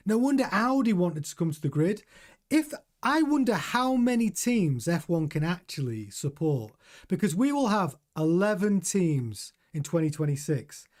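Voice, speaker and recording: A man's voice: sits high, a little mellow. A man hosting a casual live stream about motor racing, chatty and opinionated, reading out viewer comments. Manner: chatty, opinionated, reads chat aloud. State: drinking coffee. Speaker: host.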